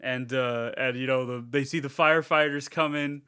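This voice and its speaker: A man's voice: medium pitch, moderate pace, clear, resonant tone. A man co-hosting a podcast, chatting casually about a horror movie, swearing freely and acting out scenes in voices. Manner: animated, swearing, acts out scenes in funny voices. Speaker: podcast co-host. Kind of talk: casual movie review chat.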